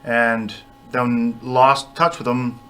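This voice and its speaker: A man's voice: medium pitch, flat delivery, very slow, a crowd in the background. A man guest on a radio show, telling stories in a chatty, self-deprecating way and laughing often. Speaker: band member guest. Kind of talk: casual radio interview storytelling.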